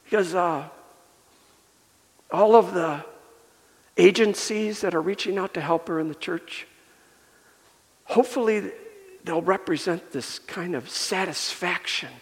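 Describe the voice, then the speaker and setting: A male pastor preaching a sermon and telling a personal story, earnest, building up and softening by turns. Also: on the high side. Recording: long reverb of a large hall.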